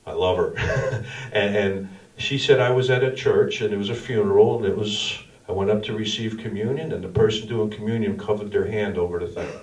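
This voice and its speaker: A man's voice: on the low side, a little fast. A middle-aged man giving a casual, slangy sermon as a pastor, telling stories about his own life. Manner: casual storytelling, slangy and animated. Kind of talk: informal sermon. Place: small church cafe venue. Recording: echoey room from far off.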